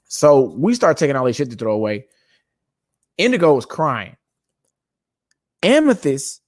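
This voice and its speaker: A man's voice: medium pitch, no echo. A man hosting a podcast, telling a rambling, profane family story in a casual, laughing way from his home studio. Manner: profane, loose, laughing storyteller who acts out quotes. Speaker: podcast host. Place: home studio with lights and microphones.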